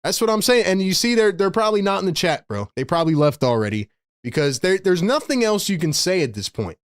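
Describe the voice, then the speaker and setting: A man with a high voice calls the game live as a fan-show host. His commentary is casual and slangy, and he jumps into excited reactions. The sound is close and dry. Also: brisk, no room sound.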